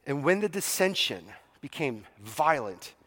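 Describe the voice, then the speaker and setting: A man with a high voice preaches in a casual, animated way and acts out the scenes he retells. His voice rings with the long reverb of a large church hall. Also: unhurried. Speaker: pastor. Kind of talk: sermon.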